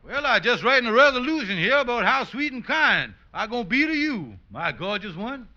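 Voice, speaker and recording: A boastful, scheming husband in a 1950s radio comedy. His high voice is very bright and swings widely as he wheedles and blusters. It sits on a dull old broadcast recording with faint hiss. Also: sing-song, a little fast, exaggerated voice. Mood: wheedling. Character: scheming boastful husband, middle-aged man. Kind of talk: 1950s radio sitcom acting.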